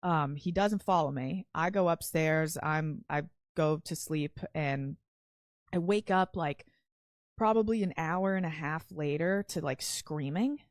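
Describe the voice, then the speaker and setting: A young woman tells a story in a casual, rambling way, packing her sentences with "like" and frequent swearing. Her voice sits fairly low for a woman. The sound is dry and close, with no room around it. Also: a little slow, no room sound. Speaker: podcast guest.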